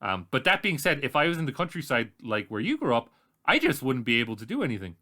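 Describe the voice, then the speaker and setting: A man's voice: mid-range voice, very animated, quick pace, pushed and bright. A man with an Irish accent co-hosting a podcast, talking bluntly and animatedly in casual chat, with plenty of swearing. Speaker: podcast co-host.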